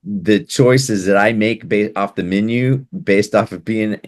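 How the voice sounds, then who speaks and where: A man hosting an interview show, chatting casually and in a relaxed, agreeable way. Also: lowish voice, a little slow, no echo, studio quality. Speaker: podcast host.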